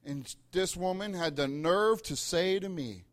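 A man's voice: high-pitched, lively intonation, unhurried, few pauses. A middle-aged man preaching a sermon, telling a funny story and building to emphatic points. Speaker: pastor.

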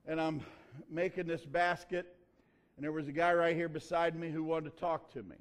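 A male pastor delivers his sermon in a relaxed, folksy manner, telling stories with homespun grammar. His voice sits a little higher than most men's. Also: moderate pace. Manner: folksy, conversational preaching with dialect grammar. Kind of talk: sermon with personal story.

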